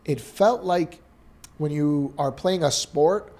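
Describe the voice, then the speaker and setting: Speaking slowly in a fairly high voice, a thirtysomething Canadian man tells a heartfelt personal story on the podcast he co-hosts. He comes across as sincere and animated.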